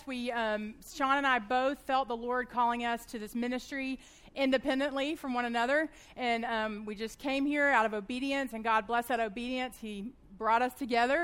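A woman in her thirties teaching a church Bible study, fast-talking and animated as she tells stories to a live group. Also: high-pitched, clear, resonant tone.

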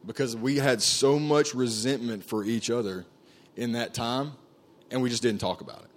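Speaking at a moderate pace in a mid-range voice, this man, who works on camp staff, tells a group his testimony. He is earnest and casual, often using fillers and starting over.

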